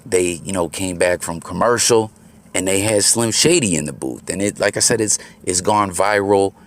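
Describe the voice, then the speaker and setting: A man's voice: deep voice, moderate pace. A man hosting his own channel, giving laid-back, slangy commentary while out moving around. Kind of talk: casual commentary. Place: outdoors on the move.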